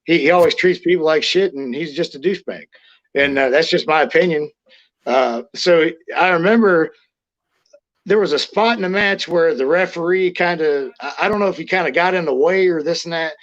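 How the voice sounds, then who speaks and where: A middle-aged man recounts old backstage stories in a casual interview, blunt and profane, often restarting his sentences. His voice sits a little high for a man. The recording sounds dull and lo-fi. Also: normal speed, fairly bright tone. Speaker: interview guest, former wrestler. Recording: lo-fi muffled audio.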